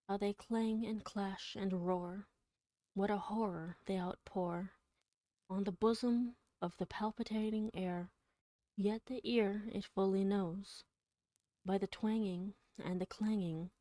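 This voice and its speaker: A woman on a livestream, reading poetry aloud dramatically with drawn-out words and whispered passages, then chatting with her viewers. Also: mid-range voice, mellow, no room sound.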